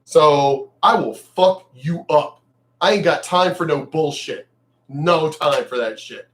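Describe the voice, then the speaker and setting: Blunt, profane ranting man, fairly high voice. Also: slow pace. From United States. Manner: blunt, profane and animated, swings loud and quiet. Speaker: vlogger. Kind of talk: ranting commentary vlog.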